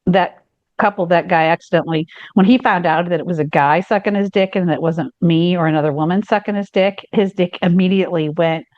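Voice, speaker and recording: A woman's voice: lowish voice, brisk, no room sound, highs cut off. A woman co-hosting a podcast, telling stories in a frank, explicit casual chat with many restarts. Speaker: podcast co-host. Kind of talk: candid casual chat, storytelling.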